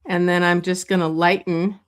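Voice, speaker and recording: A woman leading a live drawing lesson, talking slowly and thinking aloud as she sketches, with many pauses and fillers. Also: lowish voice, flat delivery. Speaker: drawing instructor. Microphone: streaming setup.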